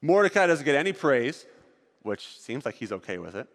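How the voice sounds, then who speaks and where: A man's voice: mid-range voice, very animated, normal speed, in a large hall. A man leading a group through an acted-out Bible story, directing volunteers on stage as he narrates.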